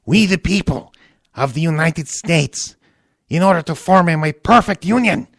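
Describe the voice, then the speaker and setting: A whiny, sinister film-villain voice. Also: male voice, fairly high pitch, lively intonation, moderate pace, fairly bright tone, no echo, clean studio sound, voice pushed up. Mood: sinister whine. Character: creepy, whiny old film villain impression. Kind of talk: comic reading in a silly voice.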